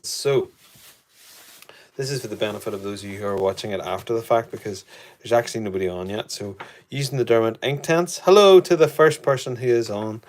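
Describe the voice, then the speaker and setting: A man's voice: fairly low pitch, a little mellow, slight background noise. A man with a Northern Irish accent, chatting casually as he runs a live painting demo and greets viewers by name. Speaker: art tutor streaming live.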